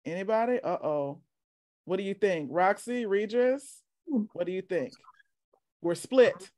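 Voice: mid-range voice, measured pace, a little mellow, dry recording, studio quality. A workshop leader teaching casually over a video call, chatty and encouraging, often asking "right?".

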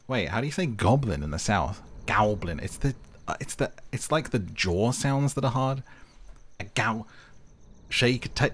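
A man giving casual, jokey commentary while playing a game and trying out silly voices and accents. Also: medium pitch. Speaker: gaming host.

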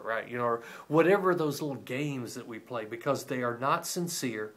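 A middle-aged male pastor delivers a devotional teaching in an ordinary mid-range voice. He tells stories with energy and slips into the voices of the people in them. The delivery is that of an animated preacher speaking straight to his listeners. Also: medium pitch, moderate pace, hardly any pauses. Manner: animated storytelling, acting out quoted voices.

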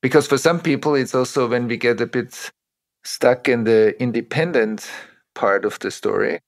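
A middle-aged man, an interview guest who teaches about trauma, explaining ideas in a measured, reflective way with personal examples. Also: medium pitch, vocal fry.

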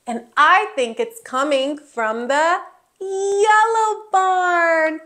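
Very high, slow sing-song woman teacher. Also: bright, forceful tone. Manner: exaggerated, playful, gasps and animal sounds. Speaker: toddler speech teacher. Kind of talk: sing-song talk to toddlers.

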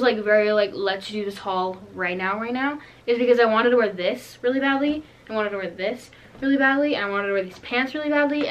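A woman's voice: mid-range voice, lo-fi sound. A teenage girl doing a casual clothing haul, rambling and chatty, full of "like" and "um". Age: teens. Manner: bubbly, rambling, lots of "like" and "um". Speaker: vlogger.

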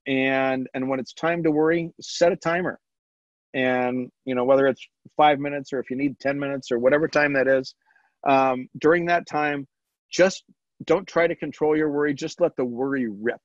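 A man presenting a stress management webinar in a relaxed, conversational way, pausing often with ums and restarting his sentences. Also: medium pitch, dry recording. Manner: halting, with frequent ums and restarts. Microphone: video call. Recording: dull lo-fi webinar audio, dry.

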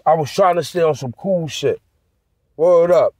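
A man's voice: a little high, unhurried, a little mellow, no room sound, studio quality. A man vlogging in a heated, profane rant aimed straight at his viewers. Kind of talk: ranting monologue to camera.

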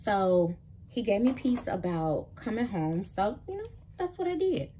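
A Memphis vlogger in her thirties shares a personal faith testimony, talking casually and straight to her viewers as "y'all." Her mid-range voice is warm and very animated at a measured pace, with slight background noise.

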